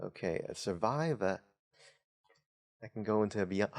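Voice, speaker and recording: A man's voice: lowish voice, expressive, normal speed, long pauses, a little mellow. A man hosting a casual card-opening video, reading card text aloud with wry, chatty asides. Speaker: host of a tabletop channel. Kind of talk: casual unboxing commentary.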